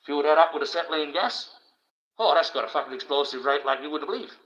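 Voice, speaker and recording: A man's voice: fairly high pitch, quick pace, a bit bright. Swearing, ranting Australian man. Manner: crude, swearing constantly, stumbling restarts. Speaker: livestreamer. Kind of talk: rambling profane rant. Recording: dull lo-fi stream audio.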